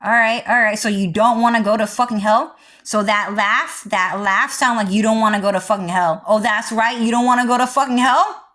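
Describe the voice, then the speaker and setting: Woman vlogger, erratic profane ranter, loud bursts then muttering asides. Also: medium pitch. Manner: heavily profane, rambling and erratic, swinging between loud and muttered. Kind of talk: rambling livestream rant.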